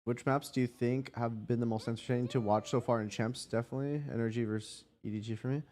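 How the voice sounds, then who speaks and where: A man's voice: mid-range voice, fairly even intonation, fast talker, a little mellow. Casual young man streaming. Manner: rambling, self-correcting, swears casually. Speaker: streamer hosting a watch party.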